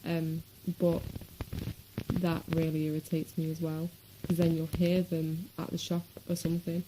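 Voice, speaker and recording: A woman's voice: low voice, completely flat delivery, a little slow, noisy background. A woman from Manchester with a Manchester accent, chatting casually in a rambling vlog with lots of ums. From Manchester, England. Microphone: webcam.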